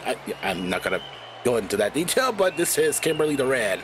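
A man's voice: on the high side, very animated, a little fast, background noise. A man hosting and commenting on a live-streamed wrestling show, rambling and laughing often at himself. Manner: giggly, rambling, self-deprecating, laughs often.

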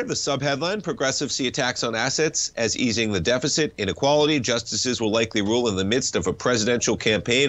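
A man's voice: medium pitch, fairly bright tone. A man hosting a financial talk show, chatting casually about markets with a stuffed-up nose and wry, rambling asides.

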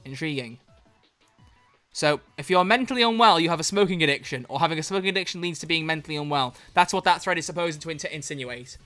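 Game streamer, live commentary, sharp bright voice, excitable and foul-mouthed. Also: mid-range voice, quick pace, soft background music. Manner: excitable, swears freely, bursts into loud laughter.

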